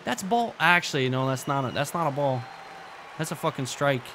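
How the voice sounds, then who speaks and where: A young man giving excitable, profane gameplay commentary as a let's play host, talking to himself as he plays. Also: medium pitch, moderate pace, a faint crowd, a little hiss or hum.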